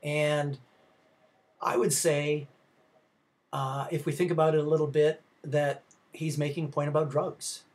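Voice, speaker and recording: A man's voice: on the high side, little pitch movement, a little slow, pauses often, darkish tone. A man teaching a film history class, talking casually and rambling with many fillers and restarts. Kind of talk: recorded class lecture.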